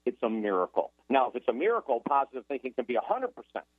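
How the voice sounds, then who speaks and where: A man, a guest author in a radio interview, talking in an emphatic, energetic motivational way. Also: mid-range voice, fast talker, dry recording. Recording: tinny phone line.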